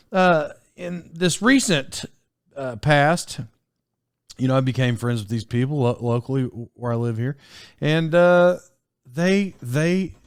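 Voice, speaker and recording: A man's voice: fairly high pitch, no echo, studio quality. A man in his forties telling stories on his solo podcast in a casual, rambling way, full of fillers and restarts. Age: 40s. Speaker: podcast host.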